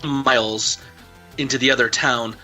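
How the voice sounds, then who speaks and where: A man's voice: mid-range voice, fairly even intonation, unhurried, sharp tone, faint music behind. A man guest telling a casual, rambling story full of fillers. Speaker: interview guest.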